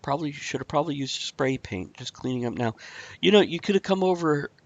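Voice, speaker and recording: A man's voice: a little high, lively intonation, brisk, no room sound, highs cut off. A man hosting a casual online talk show, chatty and teasing, often laughing. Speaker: podcast host. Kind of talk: casual chat.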